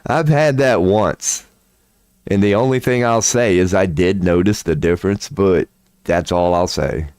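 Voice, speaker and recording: A man talks in a loose, unscripted livestream way, frank and often profane. He jumps into quick impressions of the people in his stories. His voice sits fairly low, and the dry recording leaves no room sound around him. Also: smooth, dry recording. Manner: candid, profane, animated storytelling with quoted voices. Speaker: tarot reader and streamer. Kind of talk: casual livestream chat.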